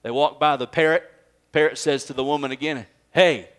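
A man's voice: on the high side, fairly even intonation, fairly quick, clean tone. A man preaching a sermon in a conversational, joking way, often laughing and asking rhetorical questions.

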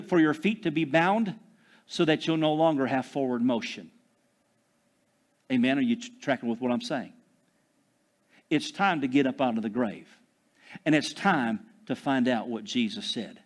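A man preaching a sermon, swinging between loud proclamations and hushed, drawn-out phrases, calling out to the congregation for responses. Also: fairly high pitch. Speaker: pastor.

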